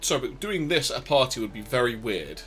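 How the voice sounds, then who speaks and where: A man's voice: medium pitch, very animated, fast, fairly bright tone, faint music behind. A man chatting casually and joking while he plays and explains a game on stream. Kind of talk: casual gameplay commentary.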